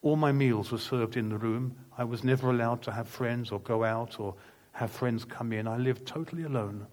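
A man's voice: medium pitch, moderate pace, darkish tone. A man preaching a sermon, telling a personal story in an earnest, emphatic way and acting out the dialogue as he goes. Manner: earnest, emphatic testimony with vivid retold dialogue.

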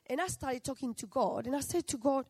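A middle-aged woman with a fairly high voice gives a sermon, talking with her listeners as if in conversation and asking them questions over and over. The sound is dry and close, with no room echo. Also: lively intonation, brisk, dark tone, breathy edge. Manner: conversational, asks the audience questions often. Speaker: preacher.

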